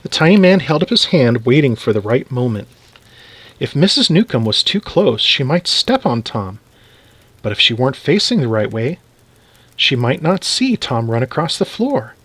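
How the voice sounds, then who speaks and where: A man reading a children's story aloud in an animated, expressive way. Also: mid-range voice, moderate pace, husky, dry recording.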